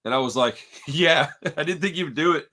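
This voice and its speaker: A fairly high-pitched man talks briskly as he hosts a podcast, telling a story in casual, profane chat. He's animated, swears, and calls everyone "dude" constantly.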